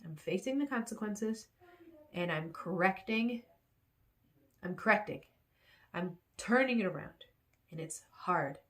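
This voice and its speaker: A woman's voice: medium pitch, animated, measured pace, pauses often. A woman vlogging in rambling, repetitive self-talk, encouraging herself.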